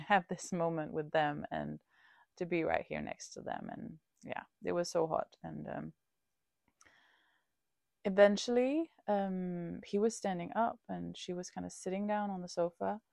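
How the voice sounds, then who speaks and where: Low, gravelly-voiced woman telling a story. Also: darkish tone, no room sound. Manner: candid and chatty, with many fillers. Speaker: podcast host. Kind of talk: casual personal storytelling.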